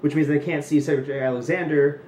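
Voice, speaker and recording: A man's voice: fairly high pitch, fairly even intonation, brisk, darkish tone, a little hiss or hum. Snarky rambling young man, echoey room. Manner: snarky, rambling, jokey asides. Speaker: wrestling recap host. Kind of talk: casual solo recap commentary.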